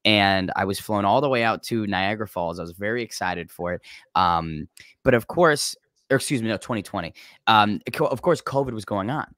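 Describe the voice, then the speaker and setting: Animated young man telling stories. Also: on the low side, moderate pace, no room sound, clean studio sound. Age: 20s. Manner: animated, swears freely, bursts loud when worked up. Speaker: guest, combat sports commentator. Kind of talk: casual storytelling chat.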